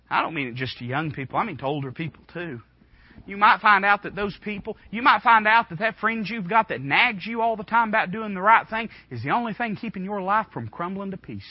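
Impassioned young preacher, dull recording. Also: male voice, high voice, animated, fairly quick, breathy edge, no echo. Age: 20s. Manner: impassioned, swings from hushed to shouting. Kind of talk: sermon. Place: church room.

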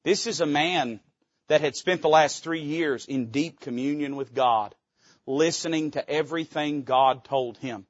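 A man's voice: a little high, a little slow, no echo, muffled recording. A male pastor preaching from a church pulpit, emphatic and folksy. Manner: emphatic, folksy, quotes old scripture aloud. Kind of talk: sermon.

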